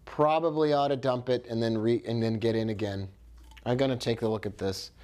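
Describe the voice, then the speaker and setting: A man's voice: medium pitch, steady tone, a little fast, darkish tone, a little hiss or hum. A man giving live trading commentary, thinking aloud with upbeat exclamations and talking to viewers by name. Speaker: forex trader.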